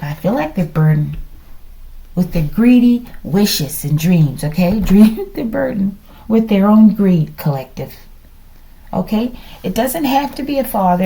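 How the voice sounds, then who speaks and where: Woman tarot reader, casual and hyperactive, thinks aloud, lively pitch, mellow tone. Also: a little hiss or hum, rough recording. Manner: hyperactive, musing aloud, keeps saying "collective".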